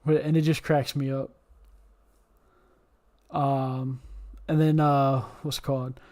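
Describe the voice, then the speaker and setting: A man's voice: mid-range voice, level tone, slow pace, a little mellow. A man hosting a casual podcast chat, rambling with lots of fillers and swearing. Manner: rambling, heavy on fillers and profanity. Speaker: podcast host.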